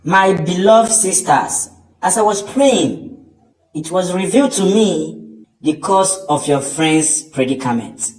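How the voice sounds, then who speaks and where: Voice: mid-range voice, lively intonation, slow pace, music in the background. A voice actor playing a solemn church pastor in a cartoon, speaking. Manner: solemn, preachy. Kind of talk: cartoon voice acting. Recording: roomy, distant mic.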